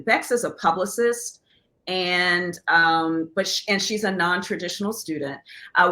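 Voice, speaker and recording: Bright-voiced woman moderating a webinar. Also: on the low side. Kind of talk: reading audience questions.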